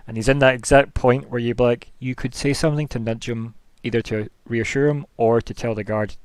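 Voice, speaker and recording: A man's voice: mid-range voice, steady tone, a little fast, hardly any pauses, clear, resonant tone, no room sound. A young man narrating a tabletop game as game master, chatty and rambling with many fillers.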